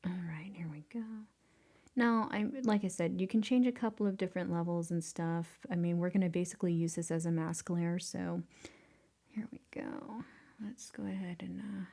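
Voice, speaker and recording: Gravelly, mellow woman muttering through a tutorial. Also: fairly low pitch, fairly even intonation, normal speed. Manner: self-deprecating, often drops to a whisper while working; laughs at her own mistakes. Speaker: photo editing tutor. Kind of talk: casual screen-recorded tutorial.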